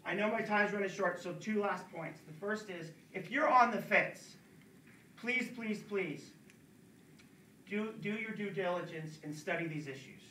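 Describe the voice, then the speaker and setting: A high, bright-voiced man speaks earnestly to a college audience and presses his points by repeating words. He is heard from some distance in a roomy, echoing space. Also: a little slow, a little hiss or hum. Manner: urging, repeats words for emphasis. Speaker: speaker at a campus pro-life talk. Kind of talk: earnest public talk. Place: college lecture room. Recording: echoey room, distant mic.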